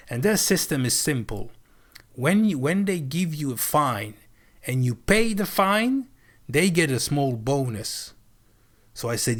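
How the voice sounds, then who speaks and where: A man's voice: fairly high pitch, unhurried. Heated man telling a story. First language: French. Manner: heated, profane, animated storytelling. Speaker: streamer. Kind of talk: casual storytelling. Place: live stream.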